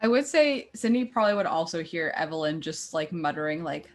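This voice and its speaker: A woman's voice: low voice, lively intonation, brisk, soft background music. A woman playing a tabletop game, describing scenes chattily with lots of fillers.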